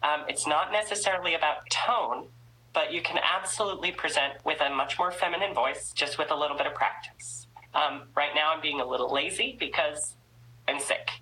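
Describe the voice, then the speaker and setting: A woman's voice: low-pitched, moderate pace, pushed and bright, slight background noise, poor audio. A woman hosting a casual video chat. She is stuffy from a cold and talks in a chatty, candid way, lifting the ends of her sentences. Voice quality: trained singing voice.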